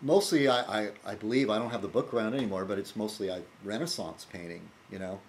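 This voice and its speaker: A man's voice: fairly low pitch, fast, a little hiss or hum. A man talking casually in his weekly video blog, rambling and wry, with frequent fillers and restarts. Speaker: video blogger.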